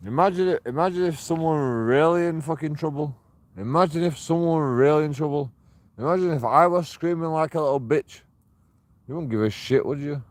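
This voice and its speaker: An angry, profane man ranting and taunting people, recorded outdoors on a dark path at night. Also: a little high, brisk, no echo. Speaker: street auditor filming himself. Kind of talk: confrontational vlog rant.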